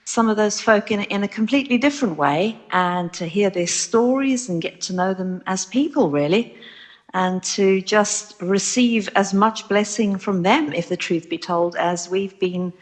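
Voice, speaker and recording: A woman's voice: mid-range voice, a little slow. South African woman pastor on a call. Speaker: Salvation Army pastor. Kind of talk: phone-in chat.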